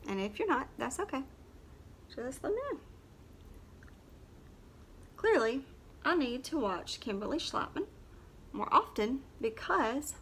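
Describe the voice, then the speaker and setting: A woman's voice: high-pitched, a bit bright, slight background noise. A woman, chatting in a rambling, blunt way while doing her makeup on camera. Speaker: makeup vlogger and nurse. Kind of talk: casual makeup tutorial chat.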